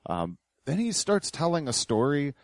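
A man's voice: on the high side, sing-song, normal speed, dry recording. A man co-hosting a podcast, giving dry, sarcastic commentary. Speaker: podcast co-host. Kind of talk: casual commentary.

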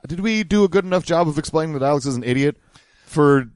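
Wry male podcast host, lively pitch. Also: fast talker, no echo. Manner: explanatory, wry, swears casually. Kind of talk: casual commentary.

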